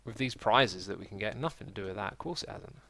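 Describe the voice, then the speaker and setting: A man's voice: on the low side, lively intonation, fast talker, gravelly, bright, forceful tone, a little hiss or hum. A man hosting a game livestream, chatting casually, reading viewer comments aloud and joking at his own expense. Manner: chatty, reads viewer comments aloud, self-deprecating jokes. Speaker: livestreaming gamer host.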